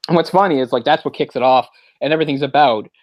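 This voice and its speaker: A man's voice: mid-range voice, fast, no room sound, dull audio. A man co-hosting a casual movie discussion podcast, rambling, searching for words and laughing often. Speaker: podcast co-host.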